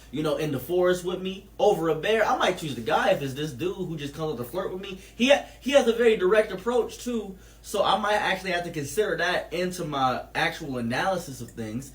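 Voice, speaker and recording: Deadpan rambling man, higher voice. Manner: deadpan absurd rambling with many fillers. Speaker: comedy creator answering questions. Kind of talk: improvised comedic rambling.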